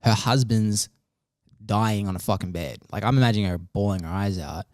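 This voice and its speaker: A young Australian man with a fairly low voice talks loosely on a podcast, drifting between half-finished thoughts and swearing freely. He acts out other people's lines as he goes. The sound is dry and close, with no room echo. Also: normal speed, a little mellow. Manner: rambling, swears freely, acts out quoted dialogue. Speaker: podcast host. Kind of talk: casual podcast chat.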